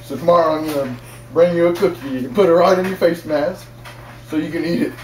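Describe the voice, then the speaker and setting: A young man putting on the voice of an older male football coach who is gruff, earnest and full of praise, talking slowly and repeating himself. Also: a little high, reverberant, distant mic, a little hiss or hum, natural voice, low-quality recording. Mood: praising.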